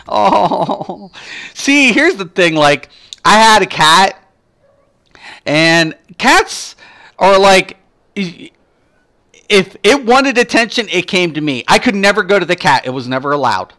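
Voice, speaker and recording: Give me a fairly high-voiced male streamer chatting casually and cursing as he tells stories. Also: slow pace, pauses often. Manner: profane, animated storytelling. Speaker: game streamer.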